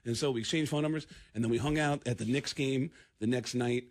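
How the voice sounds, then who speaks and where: Speaking fairly quickly at a medium pitch, the comedian spins a story as a radio show guest, performing the quoted lines and stammering and repeating as he goes.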